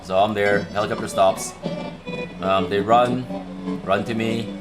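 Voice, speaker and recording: A man's voice: on the low side, fairly even intonation, takes it slowly, over music. A young man casually telling a rambling story to his livestream viewers, repeating himself as he goes. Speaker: livestream host.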